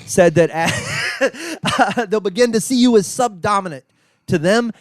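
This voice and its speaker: Texan guy reading weird news on a comedy podcast, laughs a lot, bouncy pitch. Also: lively intonation, unhurried, dry recording, clean studio sound. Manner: reads stories aloud with jokes, laughs often. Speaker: podcast host running a game.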